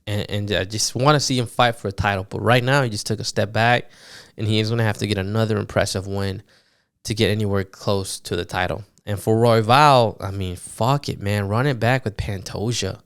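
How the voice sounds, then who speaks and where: A man recapping fights on his podcast in a loose, animated monologue, swearing often and full of fillers. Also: on the low side, brisk, smooth, dry recording, clean studio sound. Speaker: podcast host.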